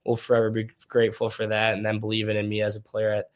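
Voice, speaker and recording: A young man from Minnesota speaks in a low, nearly monotone voice with little rise or fall. He talks easily and at length, stringing his stories together in a relaxed interview manner. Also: fast talker. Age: young adult. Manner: easygoing, rambling storytelling. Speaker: hockey player guest. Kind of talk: casual interview.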